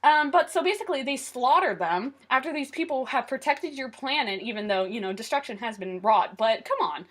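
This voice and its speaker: A young woman co-hosting a casual podcast, ranting excitedly and with lots of swearing. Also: sits high. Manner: excited, profane, rapid rants. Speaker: podcast co-host.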